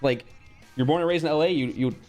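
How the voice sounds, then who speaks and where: A man's voice: on the high side, very fast, a little mellow, soft background music. A young man streaming casually, reacting bluntly to a quiz with frequent swearing and reading out chat.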